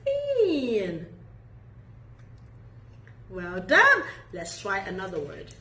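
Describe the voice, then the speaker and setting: Woman teacher doing a phonics class for kids, super slow, bouncy pitch all over, echoey room. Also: huge pitch swings, pushed and bright. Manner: sing-song praise, slow exaggerated modelling of sounds. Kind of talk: children's phonics lesson.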